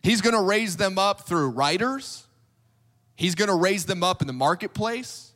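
A man's voice: sits high, lively intonation, a little slow, a bit bright. A man preaching a sermon, retelling scripture in a casual, storytelling way that acts out the quoted reactions. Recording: long hall reverb.

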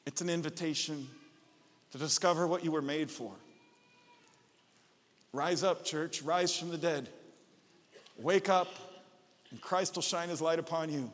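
A man preaching a sermon as pastor, enthusiastic and bursting into loud shouts. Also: on the high side, unhurried, pauses often, big-room sound.

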